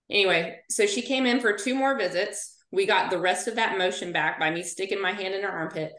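A woman in her forties, a physical therapist, telling stories as a podcast guest in a chatty, animated way. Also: mid-range voice, fairly quick. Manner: chatty storyteller, animated asides. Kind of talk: casual podcast interview. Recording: roomy echo.

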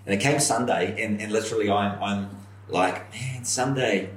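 A middle-aged man, a pastor telling a story in an animated, storytelling way. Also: on the low side, normal speed. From New Zealand. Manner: animated storyteller, acts out quoted voices. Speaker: senior pastor. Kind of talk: storytelling in a podcast conversation. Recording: roomy echo, somewhat far from mic.

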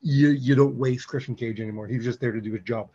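A man co-hosting a casual podcast, excitable and quick to swear, often restarting his sentences. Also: mid-range voice, breathy edge, highs cut off. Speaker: podcast co-host. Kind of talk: casual wrestling chat.

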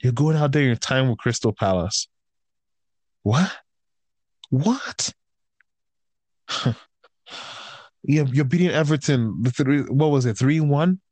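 A fed-up man venting in a loose, profane rant. His voice sits at an ordinary middle pitch, jumping up in bursts of frustration and sinking into weary mutters. The sound is dry and close, with no room around it. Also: unhurried, long pauses, a little mellow, no room sound. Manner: heated, profane, exasperated ranting; swings between raised outbursts and tired grumbling. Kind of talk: casual ranting chat.

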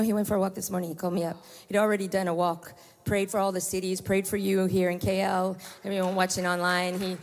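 A middle-aged woman pastor, preaching a sermon with lively storytelling asides. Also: mid-range voice. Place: church hall. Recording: long hall reverb.

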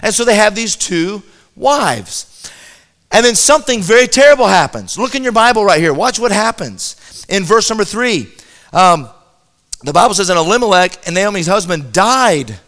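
A man's voice: sits high, moderate pace. A man preaching a sermon, telling a Bible story with jokes and acting out the characters' lines. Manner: lively, joking storyteller who acts out quoted characters.

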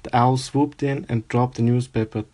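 Man reading a storybook aloud, monotone, stumbles and restarts now and then. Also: mid-range voice, normal speed. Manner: unpolished reading with slips and restarts. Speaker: reader.

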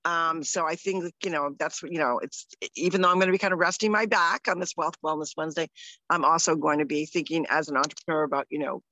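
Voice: medium pitch, fast, pushed and bright, dry recording, poor audio. A podcast co-host chatting casually, rambling with lots of fillers. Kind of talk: casual chat.

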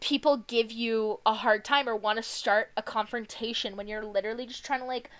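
A young woman co-hosting a podcast, lively and quick to swear, her voice sitting a little high. She talks with big swings in energy. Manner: animated, swears a lot, laughs easily. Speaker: podcast co-host. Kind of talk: casual chat.

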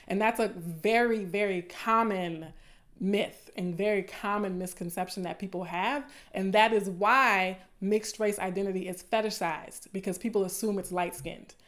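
A woman's voice: medium pitch, steady tone, normal speed, fairly bright tone. A woman with a Southern US accent speaks in loose, conversational commentary to her audience. Her delivery is emphatic and passionate, and she circles back over key phrases to stress them. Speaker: video commentator. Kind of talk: casual livestream commentary.

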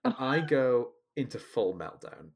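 A man's voice: mid-range voice, animated, a little slow. A man in a casual chat, telling a childhood story with dramatic, self-mocking exaggeration.

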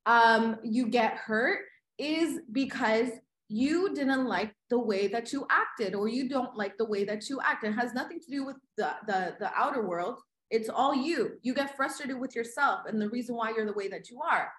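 A woman guest giving animated motivational talk, full of "like" and "right?" as she addresses her audience. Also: on the high side, normal speed, few pauses, roomy sound. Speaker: podcast guest.

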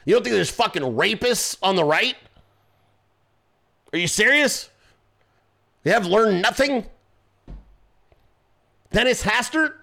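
A man's voice: sits high, animated, slow, vocal fry, pauses often, bright, forceful tone. A male host ranting in political commentary, profane and confrontational, who mocks people by voicing them. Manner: mocks people with quoted voices.

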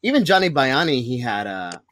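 A man's voice: medium pitch, big pitch swings, normal speed, a bit bright, no room sound. A man hosting a podcast, chatting casually and enthusiastically with slangy phrasing. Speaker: podcast host. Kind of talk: casual interview chat.

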